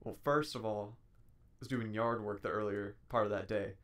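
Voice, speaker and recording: A man's voice: on the low side, fairly even intonation, moderate pace, fairly bright tone. A young man, a streamer appearing as a podcast guest, chatting casually with dry, easygoing humor. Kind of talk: casual chat.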